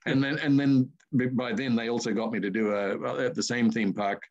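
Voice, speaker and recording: The mid-range voice of an older Australian man comes through with highs cut off, at a moderate pace. He's a voice artist, casually telling rambling interview stories with lively asides.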